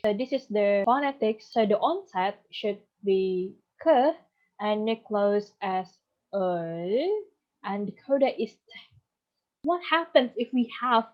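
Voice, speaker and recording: A woman teaching a lesson, explaining each point steadily, step by step. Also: on the high side. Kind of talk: recorded lecture on phonology. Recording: muffled lo-fi recording.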